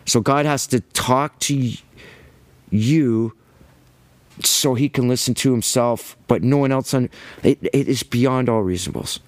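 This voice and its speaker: A man giving an impassioned religious monologue, emphatic and ranting, with quick bursts and repeated words. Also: mid-range voice, dry recording. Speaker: Christian commentator.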